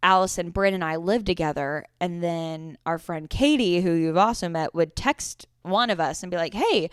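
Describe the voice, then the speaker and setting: Twenty-something woman podcasting solo, chatty and swears a lot, smooth clear voice, dry close mic. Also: lowish voice, moderate pace, no echo. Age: 20s. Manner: chatty storytelling with frequent swearing. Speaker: podcast host. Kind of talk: casual solo podcast chat.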